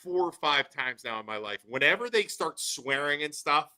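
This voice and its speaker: A podcast co-host tells a story in casual chat, animatedly acting out what people said. His voice is on the high side at normal speed, and the audio quality is poor.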